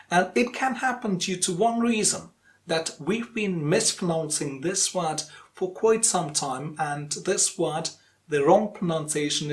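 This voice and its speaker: Guy teaching english pronunciation, slightly high voice, slow careful sounding out of words. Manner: slow, deliberate, demonstrates words syllable by syllable. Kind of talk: video lesson.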